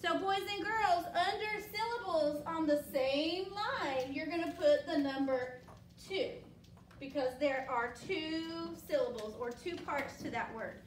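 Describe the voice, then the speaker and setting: A woman's voice: high-pitched, measured pace, slight background noise. A woman teaching young children a phonics lesson, patient and encouraging, asking questions and waiting for answers. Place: classroom. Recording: echoey classroom from far off.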